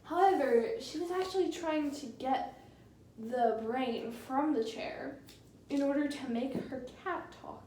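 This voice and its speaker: Giggly high-voiced woman telling a story. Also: unhurried, mellow, slight background noise. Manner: giggly, rambling. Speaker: podcast co-host. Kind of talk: improvised storytelling. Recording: echoey room, distant mic.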